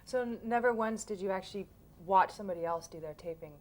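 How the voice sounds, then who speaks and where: A woman's voice: medium pitch, fast talker, a little mellow. A female entertainment interviewer asking friendly questions in an upbeat way, laughing along with her guest.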